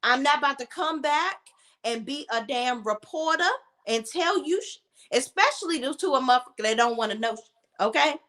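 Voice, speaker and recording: Brief: emphatic, profane woman commentator, high, animated voice. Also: normal speed. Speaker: reality TV commentator. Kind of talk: casual commentary.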